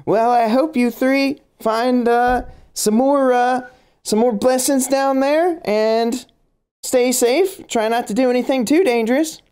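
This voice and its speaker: Man playing folksy old-sounding southern woman, clumsy drawl, high voice. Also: unhurried, darkish tone, clean tone.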